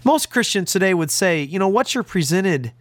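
A man's voice: sits high, expressive, normal speed, no echo. A man as a pastor preaching a radio sermon, earnest and emphatic, leaning on key words. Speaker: pastor and radio Bible teacher.

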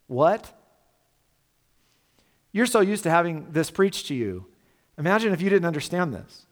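A male pastor preaching a sermon in an animated, conversational way, full of rhetorical questions. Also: a little high, moderate pace, big-room sound.

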